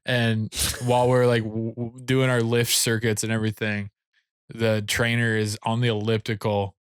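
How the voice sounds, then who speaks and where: A man's voice: on the low side, flat delivery, moderate pace, clear, resonant tone, no room sound, studio quality. A young man co-hosting a podcast, telling laid-back stories in casual chat. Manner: laid-back storyteller, chuckling. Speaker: podcast co-host.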